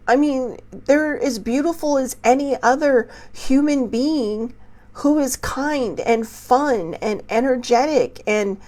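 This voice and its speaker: Fairly high-pitched yet gravelly, this female host delivers slow, emotional personal commentary. She sounds tearful and angry, pausing often and moving from quiet whispers to loud outbursts with real passion.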